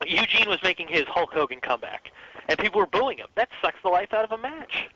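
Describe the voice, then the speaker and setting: A man's voice: sits high, sing-song, brisk, sharp tone, a little hiss or hum. A man co-hosting a wrestling podcast, wry and sarcastic in casual chat. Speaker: podcast co-host. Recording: dull lo-fi podcast audio.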